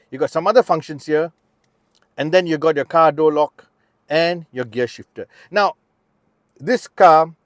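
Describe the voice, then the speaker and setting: A man's voice: fairly high pitch, dry recording, studio quality. A middle-aged man with a Malaysian English accent, giving a chatty, enthusiastic car review from inside the car, with plenty of fillers and restarts. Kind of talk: casual test-drive review.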